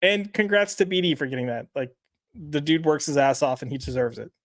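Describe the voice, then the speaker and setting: Male co-host, rambling casual chatter, slightly high voice, dry close recording. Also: a little fast, fairly bright tone, no room sound. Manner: chatty, rambling, lots of fillers. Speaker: podcast co-host. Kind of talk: casual chat reading live chat comments.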